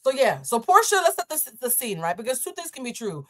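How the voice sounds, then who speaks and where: Animated, profane woman from Boston. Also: sits high, a little fast. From Boston, USA. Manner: animated, profane, blunt, laughs often. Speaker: host reacting to a viral clip. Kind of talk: live-stream commentary.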